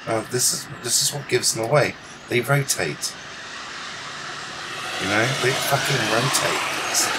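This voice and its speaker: A man rambling through live commentary outdoors as he films the sky, swearing casually and trailing off mid-sentence. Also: mid-range voice. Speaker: livestreamer filming the sky. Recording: loud outdoor noise.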